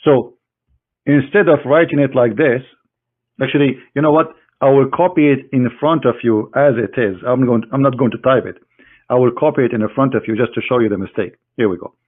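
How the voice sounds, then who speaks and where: A man giving a combative screen-share lecture in mocking, halting English as an online debater. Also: mid-range voice. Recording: tinny phone-like online audio.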